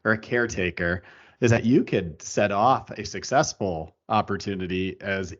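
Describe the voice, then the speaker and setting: A man's voice: fairly low pitch, normal speed, a bit bright. A man hosting a podcast interview who asks long, earnest questions and often restarts them. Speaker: podcast host. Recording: dull lo-fi audio.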